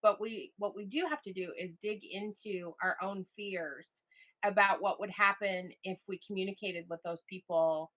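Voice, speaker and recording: A middle-aged woman, a life coach guest, telling stories animatedly and acting out what people said. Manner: expressive, acts out quotes with big pitch jumps. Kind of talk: animated conversational storytelling.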